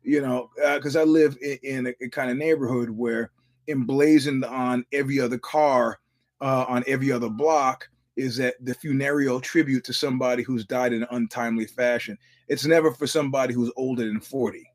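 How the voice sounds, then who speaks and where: A man's voice: medium pitch, steady tone, brisk. A middle-aged man hosting a podcast, telling stories in a loose, profane monologue with lots of restarts. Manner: rambling storyteller, profane, many restarts. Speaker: podcast host. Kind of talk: casual monologue.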